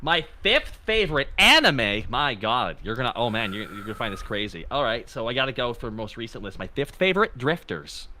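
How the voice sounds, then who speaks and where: A man chatting as a podcast guest in an animated, excitable way. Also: medium pitch, fairly quick, few pauses, slight background noise. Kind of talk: casual chat.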